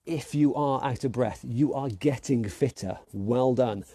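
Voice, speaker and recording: A man's voice: mid-range voice, measured pace, dark tone, breathy edge, dry recording. A man coaching an online workout class, calling out moves and counting down with upbeat encouragement. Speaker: fitness instructor.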